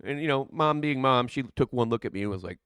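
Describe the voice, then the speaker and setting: A man in his thirties spins a wild personal story with a lively voice that jumps up and down in pitch. He swears freely and swings between loud bursts and hushed asides. The sound is close and dry, with no room around him. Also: fast talker, clear, resonant tone, dry recording. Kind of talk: casual storytelling vlog.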